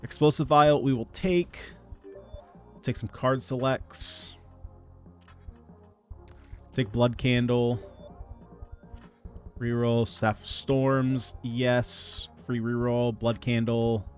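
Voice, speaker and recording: A man's voice: mid-range voice, very slow, pauses often, soft background music. Casual male gameplay commentator. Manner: reads out item picks in a relaxed running patter. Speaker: gaming video creator.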